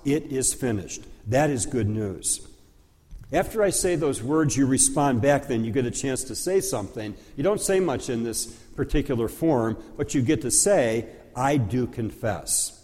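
A pastor explaining a church liturgy in a slow, conversational teaching style, with occasional fillers. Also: male voice, medium pitch, lively intonation, mellow. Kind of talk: teaching sermon. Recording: long hall reverb.

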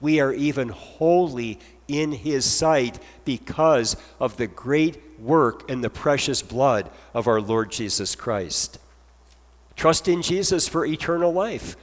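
A man's voice: medium pitch, unhurried, hardly any pauses, long reverb tail. A man preaching an earnest sermon as pastor, moving from scripture into heartfelt spoken prayer.

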